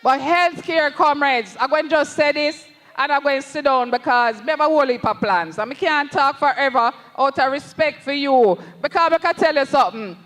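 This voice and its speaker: At a political rally, a Jamaican-accented parliamentary candidate speaks with fervor, pacing his words slowly and with emphasis as he repeatedly faces the party leader. His voice is high and somewhat bright, trailing off into a long reverb.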